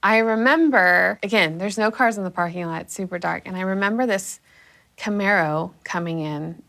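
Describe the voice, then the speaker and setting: A young woman tells a personal story with lively, animated energy and acts out what she said back then. Her voice is bright with a gravelly fry at the ends of phrases. The talk is loose and conversational. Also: medium pitch, moderate pace. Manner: animated, acts out her own past reactions. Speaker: guest telling her story. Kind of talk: casual storytelling.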